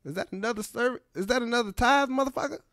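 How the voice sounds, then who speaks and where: An irritable middle-aged film tough guy, as a man impersonates him for a radio comedy bit. Every line ends in an indignant, explosive curse. The voice sits high, strained and sharp, in a dry, close sound. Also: quick pace, no echo. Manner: indignant, explosive profanity-laced outbursts. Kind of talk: comedic impression on a radio podcast.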